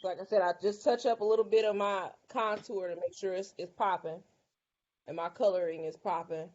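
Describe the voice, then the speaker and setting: Brief: woman makeup class host, casual tutorial chat, lively, muffled call audio. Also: mid-range voice, fairly quick. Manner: lively, exclaims and repeats herself.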